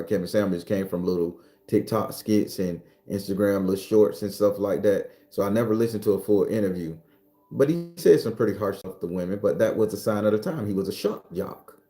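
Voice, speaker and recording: A man hosting a casual livestream, talking loosely, cursing freely and answering viewer comments, sometimes breaking into loud, high ranting. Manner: swings into loud, high-pitched ranting at times. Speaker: livestream host.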